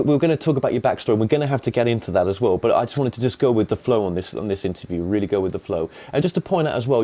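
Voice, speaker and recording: A man's voice: medium pitch, dark tone. A man hosting an interview, rambling a little with frequent restarts. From England. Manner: rambling, many restarts and fillers. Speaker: host. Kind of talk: interview host chat.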